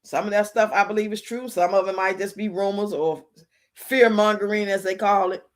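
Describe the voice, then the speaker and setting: At a moderate pace and with fairly even intonation, a mid-range female voice carries this livestream host's casual storytelling. The middle-aged woman laughs often and acts out people's words as she chats.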